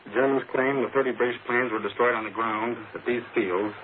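A male radio correspondent reading a formal news report in a measured way. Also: medium pitch, fairly even intonation, phone-quality sound. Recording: crackly 1940s shortwave radio broadcast.

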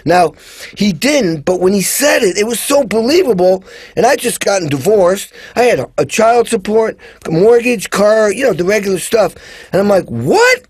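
A man's voice: sits high, lively intonation, normal speed, darkish tone, slightly rough, no room sound. A man as a guest drummer, telling stories in casual chat and animatedly acting out the voices of people he quotes. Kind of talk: casual storytelling.

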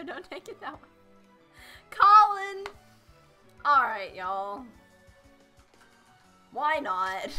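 A woman's voice: mid-range voice, pushed and bright. A woman hosting a live video game stream, chatting casually, greeting viewers by name and laughing often. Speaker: livestream host playing a video game. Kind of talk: casual live gameplay chat.

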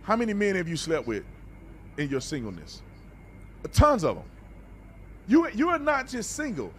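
A man's voice: high voice, huge pitch swings, normal speed, a bit bright, slight background noise. A man hosting a reaction video, talking bluntly and animatedly in a preachy, casual way and often repeating words.

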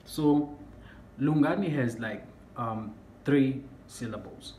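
A young man explains word sounds in a casual lesson, often pausing and repeating himself. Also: medium pitch, a little mellow. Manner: halting, repeats himself, searches for words. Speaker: language teacher. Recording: echoey room with faint background hum.

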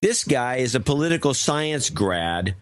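A man's voice: mid-range voice, big pitch swings, measured pace, no room sound, clean studio sound. An older man co-hosting a talk podcast in casual chat, grumbling and sarcastic. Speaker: co-host.

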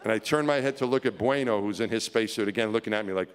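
Middle-aged male keynote storyteller, low-pitched, animated and chuckling, in a big reverberant hall. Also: racing, crowd noise, background noise. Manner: vivid storyteller, chuckling, swinging from hushed to excited. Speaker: keynote speaker. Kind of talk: storytelling speech to an audience.

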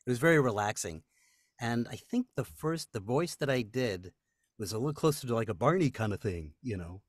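Animated male voice actor telling stories. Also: mid-range voice, a little fast, husky, dry recording, studio quality. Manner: animated storyteller, acts out quotes, laughs often. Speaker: voice actor guest. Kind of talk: casual interview storytelling.

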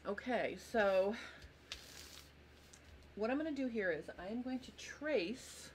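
A woman's voice: fairly high pitch, animated, takes it slowly, long pauses, a little hiss or hum. A woman hosting a live sewing tutorial, chatty and apologetic as she walks viewers through tracing a pattern and greets them by name. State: tired, yawning. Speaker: sewing instructor and host.

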